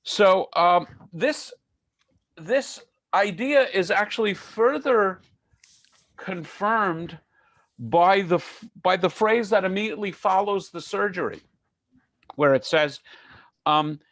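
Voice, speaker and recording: A man lecturing online about old myths, wandering into asides and deadpan jokes. His voice is a touch high with a gravelly grain. It sounds close and dry. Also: takes it slowly, dry recording. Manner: conversational, digressive, joking.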